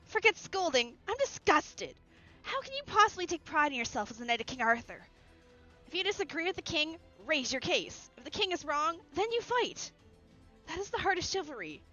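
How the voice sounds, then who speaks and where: A woman's voice: high voice, sing-song, moderate pace, bright, forceful tone, muffled recording, soft background music, voice pushed up, exaggerated voice. A woman voicing a fiery young female knight. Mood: indignant. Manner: raised, impassioned declamation. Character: earnest young female shield knight, indignant.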